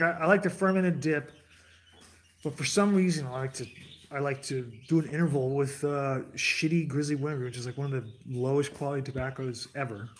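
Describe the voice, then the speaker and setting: An American man with a mid-range voice hosts a livestream, chatting casually with his audience over slight background noise. He rambles and digresses, jumps between tangents, and often restarts his sentences.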